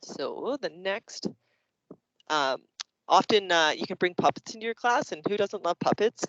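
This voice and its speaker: A Canadian man with a slightly high voice walks other teachers through classroom activities, acting out little scenes as he goes. The call audio is dry and dull, with a lo-fi edge. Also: unhurried, no echo. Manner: lively, acts out classroom examples. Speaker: teacher presenting to educators. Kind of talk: explanatory workshop presentation.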